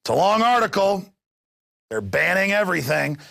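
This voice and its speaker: A man hosting a news commentary show, ranting with passion and bursting into shouts. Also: sits high, very animated, moderate pace, gravelly, no echo, clean studio sound. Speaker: talk show host. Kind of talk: heated news commentary monologue.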